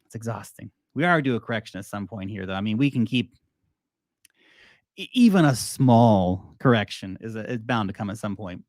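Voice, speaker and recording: An Australian man hosting a casual crypto market show, animated and joking, often mimicking investors. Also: fairly low pitch, normal speed, no echo, clean studio sound. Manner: animated, joking, mocks investors in put-on voices. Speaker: crypto video host.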